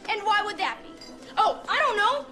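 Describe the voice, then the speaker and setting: A man's voice: extremely high pitch, very animated, moderate pace. A young actor playing a frantic teenage boy who insists monsters are real, pleading and urgent. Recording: film soundtrack with music and crowd.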